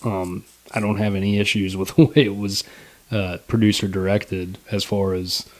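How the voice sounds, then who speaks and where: A man's voice: lowish voice, little pitch movement, normal speed. A young man co-hosting a casual movie review podcast, laid-back and rambling, with lots of fillers and swearing. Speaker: podcast co-host.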